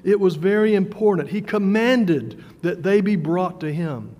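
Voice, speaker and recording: A man preaching a sermon in a conversational way, with fillers and repeated words, slowing down for emphasis. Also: sits high, lively intonation, darkish tone. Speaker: pastor. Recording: long hall reverb.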